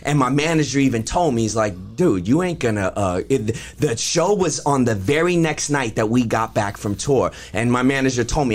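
A man's voice: mid-range voice, expressive, moderate pace, few pauses. A man telling a wild personal story in casual, profane talk, often laughing. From Los Angeles area. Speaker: guest performer.

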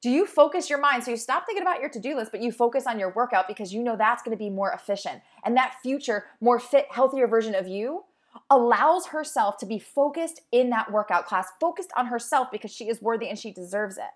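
A woman's voice: fairly high pitch, expressive, fairly quick. A young adult woman, a fitness instructor and host, giving an upbeat, encouraging motivational talk in a conversational way. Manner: upbeat, encouraging, conversational with acted-out inner voices. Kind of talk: motivational monologue.

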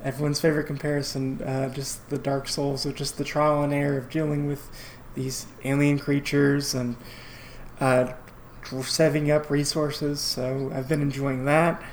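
A man co-hosting a podcast in casual chat, halting with many fillers and restarts. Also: a little high, little pitch movement, a little hiss or hum. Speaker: podcast co-host.

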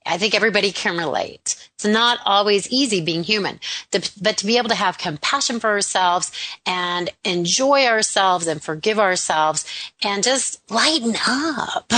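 A middle-aged woman hosting a radio talk show, effusive and quick to laugh in casual conversation. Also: mid-range voice, lively intonation, no echo. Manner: warm, effusive, laughs easily.

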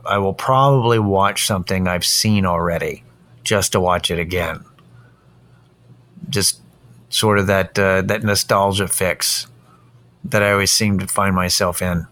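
A man's voice: low voice, steady tone, unhurried, a bit bright, no room sound. A man hosting a casual solo podcast, drained and worn out, rambling in a tired, self-deprecating way. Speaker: podcast host.

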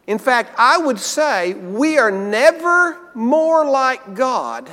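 A man preaching a sermon, earnest, slowing down and repeating key phrases for emphasis. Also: extremely high pitch, big pitch swings, pushed and bright, big-room sound.

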